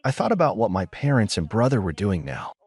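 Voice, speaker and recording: A man narrating a first-person story in a steady, measured way. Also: fairly low pitch, breathy edge, no room sound.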